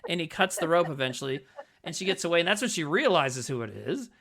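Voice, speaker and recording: Male podcast co-host, gravelly and lively, rambling casual chat. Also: a little high, fast. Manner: rambling, animated retelling of a film.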